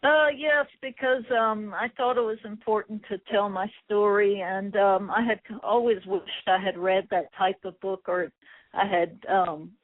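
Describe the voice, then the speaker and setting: A middle-aged Irish woman, a former boxer, answering interview questions in a soft-spoken, hesitant way with many fillers. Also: medium pitch, steady tone, a little slow, dry recording. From Ireland. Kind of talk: phone interview. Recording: tinny phone line.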